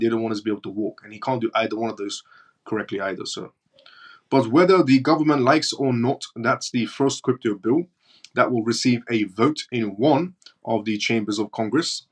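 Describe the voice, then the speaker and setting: A man with a British accent hosting a live stream, reading news and viewer comments aloud in a blunt, mocking way. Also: mid-range voice. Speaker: crypto livestream host.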